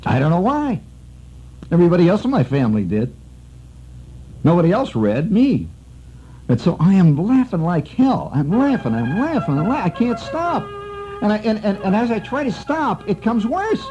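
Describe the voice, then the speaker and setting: A man's voice: sits high, sing-song, moderate pace, dark tone, slight background noise. A middle-aged man hosting a radio show, telling a long rambling story full of asides. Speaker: radio host. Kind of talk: storytelling monologue. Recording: muffled old radio broadcast with faint music.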